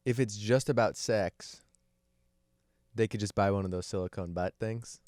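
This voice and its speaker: A man's voice: fairly low pitch, a little mellow, no echo, studio quality. A man co-hosting a podcast in casual chat, riffing with crude jokes. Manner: crude, joking, drawn-out riffing. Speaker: podcast co-host.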